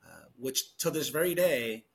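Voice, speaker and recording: A man's voice: mid-range voice, expressive, measured pace, gravelly, fairly bright tone. A middle-aged man speaks in an ordinary mid-range voice, leaning on key words as he walks through a process. He is a retired police sergeant talking casually as an interview guest. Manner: emphatic explaining, stresses key words.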